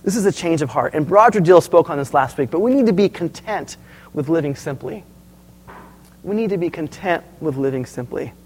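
Male pastor, high tenor, lively storyteller delivering a sermon to his congregation. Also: a little fast, poor audio. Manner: storytelling, animated, asks the audience questions.

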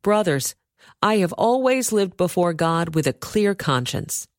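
A woman's voice: lowish voice, very animated, a little slow, no room sound, clean studio sound. A woman voicing a bold male apostle on trial, speaking in an earnest, pleading manner.

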